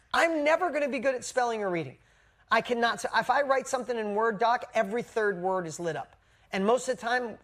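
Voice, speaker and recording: Female coach, live motivational talk, blunt and high-energy, salty language. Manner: energetic, blunt, swears casually. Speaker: business coach. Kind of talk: motivational storytelling to a live group.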